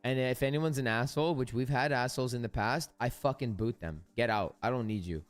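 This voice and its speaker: A man's voice: mid-range voice, brisk, no room sound, soft background music. A man hosting a live stream, chatting casually and bluntly with his viewers and swearing freely. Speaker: live-stream trading host.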